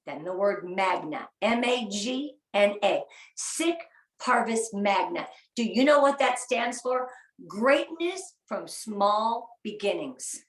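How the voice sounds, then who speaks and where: A middle-aged woman giving an earnest, upbeat motivational talk to a sales team and getting them to repeat phrases after her. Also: medium pitch. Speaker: guest speaker at a sales training. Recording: echoey room, voice a bit far from the mic.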